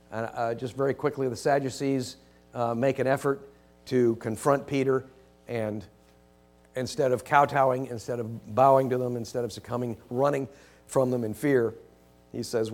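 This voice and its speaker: A man delivering a sermon at a mid pitch, racing through his material with frequent restarts. He swings from loud, emphatic lines to low, quiet asides. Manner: animated, rising to emphatic quotes then dropping low and quiet; hesitant restarts, rushed. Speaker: preacher.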